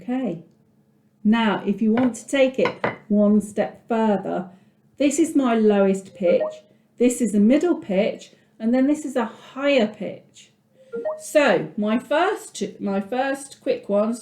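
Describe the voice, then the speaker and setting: A woman's voice: a little high, takes it slowly, warm tone. A woman music teacher guiding children patiently through an online lesson, talking them through her drawing as she goes. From England. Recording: echoey room.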